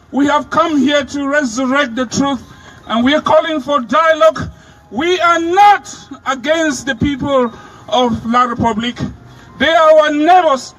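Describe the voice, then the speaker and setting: A man addressing a street rally outdoors, speaking with passion and rising to a shout as he declaims his demands. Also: extremely high pitch, low-quality recording. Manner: impassioned, declaiming.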